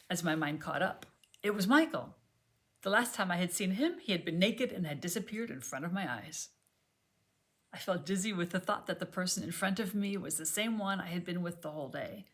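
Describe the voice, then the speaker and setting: A woman reading an audiobook chapter aloud at home, gentle and measured, sometimes dropping to a near whisper. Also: lowish voice. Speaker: audiobook reader. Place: home, on a sofa.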